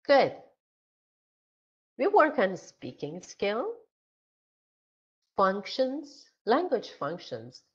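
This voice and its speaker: Slow, sing-song woman teacher trainer. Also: mid-range voice, wildly swooping pitch, dull audio. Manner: slow, deliberate, exaggerated intonation for modeling. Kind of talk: teacher-training lecture with classroom demonstration.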